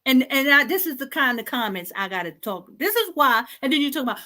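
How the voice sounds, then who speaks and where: A woman's voice: high voice, sing-song, normal speed, bright, forceful tone. A woman hosting an online talk show, scolding her listeners in an impassioned, exasperated and repetitive way.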